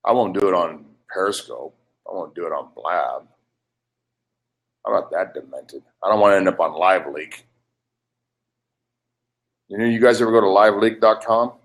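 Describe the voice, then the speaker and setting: A man's voice: low voice, normal speed, long pauses. Agitated older man ranting profanely. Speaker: livestream participant. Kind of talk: heated live webcast argument.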